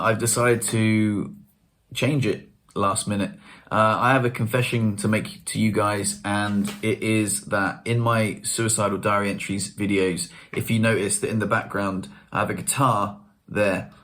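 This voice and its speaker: Brief: male vlogger with a lowish voice, relaxed and chatty, slangy, self-deprecating. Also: normal speed. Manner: chatty, slangy storytelling with self-mocking humour. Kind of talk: casual chat to camera.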